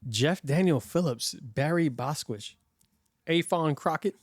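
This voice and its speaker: A man hosting a podcast, tossing in quick, excited interjections and banter. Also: a little high, no echo, studio quality. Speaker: podcast host. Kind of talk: casual interview chat.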